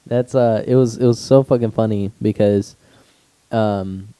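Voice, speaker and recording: A young man co-hosts a casual podcast, telling stories packed with swearing and acting out quotes in loud, high voices. He talks at a slow pace, with no echo.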